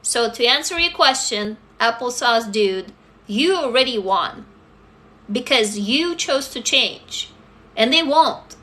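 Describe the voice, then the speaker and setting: High, bright-voiced blunt woman. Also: animated, takes it slowly. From Russia. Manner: blunt, profane, emphatic. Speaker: livestream host answering viewers. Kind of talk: casual livestream chat.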